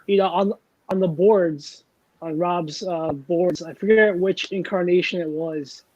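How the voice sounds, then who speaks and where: Dark-voiced man telling rambling stories. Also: high voice, steady tone, measured pace, lo-fi sound, a little hiss or hum. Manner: rambling, self-deprecating storyteller. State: over-caffeinated. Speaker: host. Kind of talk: casual chat.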